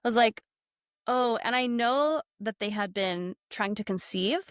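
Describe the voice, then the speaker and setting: Woman, animated storyteller, acts out quotes, filler-heavy, dry close mic. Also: a little high, unhurried, smooth, no room sound. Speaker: podcast guest, medium. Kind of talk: casual storytelling.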